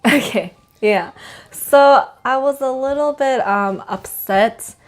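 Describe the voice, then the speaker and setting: A woman's voice: high voice, slow pace, soft background music. A young woman co-hosting a casual church-life chat, telling a story in a hesitant way with many fillers and restarts. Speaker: co-host of a church life vlog.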